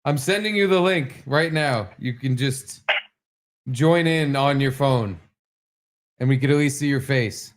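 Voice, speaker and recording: A man's voice: medium pitch, unhurried. A man in a mid-range voice hosting a podcast. He chats casually and throws in crude jokes. His delivery stays loose and unpolished. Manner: crude, joking. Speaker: podcast host. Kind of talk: casual chat.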